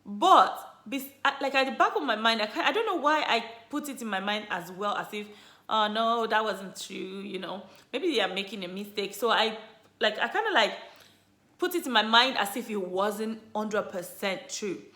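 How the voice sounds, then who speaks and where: A woman vlogger casually telling viewers her story, chatty and animated, full of "you know" and "like". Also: mid-range voice, normal speed. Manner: animated, lively retelling. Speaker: vlogger, mother sharing her birth story. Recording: roomy echo.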